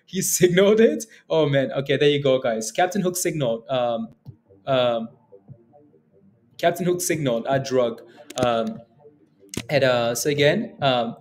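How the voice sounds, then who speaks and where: Brief: rambling, upbeat male stream host with a somewhat high voice, faint music underneath. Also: darkish tone. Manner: rambling, chatty, reads chat aloud, frequent fillers and laughs. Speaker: day-trading livestream host. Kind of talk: casual live-stream commentary.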